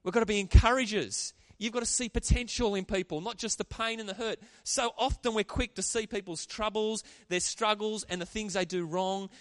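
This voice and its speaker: A man preaching a sermon, animated and calling out to the congregation for responses. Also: high voice, brisk, hardly any pauses, no echo. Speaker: pastor.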